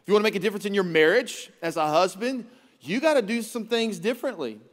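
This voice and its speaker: A man in his thirties preaches to a congregation in a high, bright tenor. He is energetic and playful, cracking jokes and mimicking his kids, and his voice carries a long reverb through a big church hall. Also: quick pace. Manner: energetic, joking, acts out his kids' voices. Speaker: pastor. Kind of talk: sermon. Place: large church auditorium.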